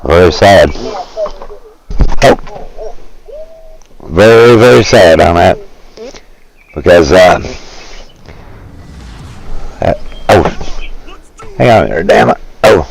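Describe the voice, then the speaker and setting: A man in his fifties holds forth in a blunt, profane rant. His voice sits fairly low and he talks slowly, stumbling through restarts. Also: big pitch swings, low-quality recording. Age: 50s. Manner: blunt, profane, rough-spoken; halting with many restarts. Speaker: streamer. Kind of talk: rambling opinion rant.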